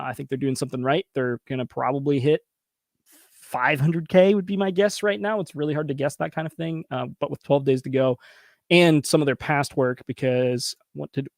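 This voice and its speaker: A man in his thirties hosting a casual review show, chatty and quick to laugh, talking straight to his viewers. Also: a little high, creaky, no echo, studio quality. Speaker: host reviewing crowdfunding pages. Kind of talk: casual commentary.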